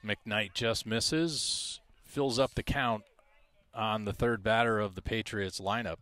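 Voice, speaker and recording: Male play-by-play caller for school baseball, slow and steady, low register, reads numbers. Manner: measured, stat-heavy, self-deprecating asides. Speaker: play-by-play announcer. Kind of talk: high school baseball commentary.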